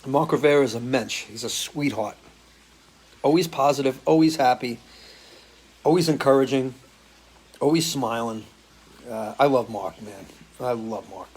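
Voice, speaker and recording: Casual musician chatting with viewers. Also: male voice, medium pitch, a little slow, pauses often, a little mellow, slightly rough. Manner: loose, swears freely, talks in restarts. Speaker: musician hosting a live stream Q&A. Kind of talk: casual chat answering viewer comments. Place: home, living in Florida.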